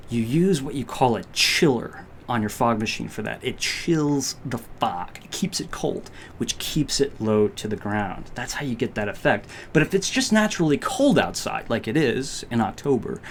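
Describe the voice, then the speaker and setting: A man hosting a live-stream unboxing, talking in a rambling, halting way with many fillers and growing emotional. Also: medium pitch, a little hiss or hum. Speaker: candle channel host.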